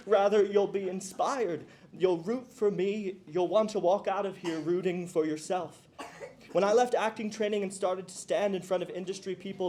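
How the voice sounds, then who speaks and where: A man in his thirties from New Jersey gives a graduation speech as a clown teacher, with a notably high voice. He jokes at his own expense and stumbles through little fillers between heartfelt points. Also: noisy background. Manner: playful, self-mocking, with hesitant fillers. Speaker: commencement speaker and clown teacher. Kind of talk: graduation speech to a live audience.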